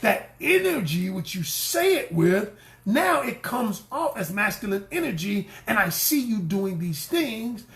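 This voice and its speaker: A man's voice: high voice, very animated, a little slow, fairly bright tone, roomy sound. A middle-aged man, coaching women on dating in an emphatic style, repeating key lines and acting out the people he quotes. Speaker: relationship coach. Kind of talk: animated coaching talk to camera.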